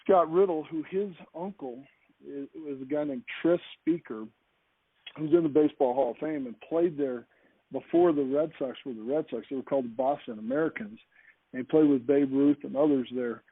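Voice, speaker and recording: A man's voice: fairly high pitch, moderate pace, gravelly, breathy edge, dry recording. A man telling an anecdote with enthusiasm, often restarting his sentences, heard over a call. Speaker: podcast speaker. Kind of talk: animated anecdotal storytelling. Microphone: call line. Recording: tinny phone-like call audio.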